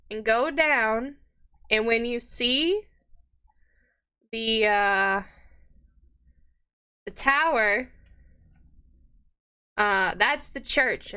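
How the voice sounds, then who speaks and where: A woman's voice: on the high side, pushed and bright, clean tone, exaggerated voice. A woman putting on a flustered village tailor wife. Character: busy village tailor woman, married, wary.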